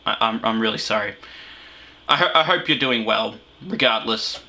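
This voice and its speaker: A man's voice: fairly low pitch, moderate pace, sharp tone. A young man with an Australian accent, hosting a comedic video review and rambling crudely between jokes. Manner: crude, joking, rambling with fillers. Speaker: host.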